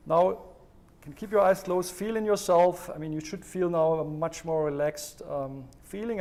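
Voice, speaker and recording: A man's voice: a little high, a little mellow, a little hiss or hum. A man presenting a health livestream, explaining stress relief and talking listeners step by step through a breathing exercise. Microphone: livestream microphone.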